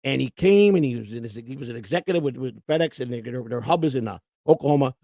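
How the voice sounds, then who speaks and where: A man's voice: medium pitch, animated, fast talker, creaky, warm tone, dry recording. An older man hosting, telling rambling, profane anecdotes with quoted voices. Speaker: host. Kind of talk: casual storytelling.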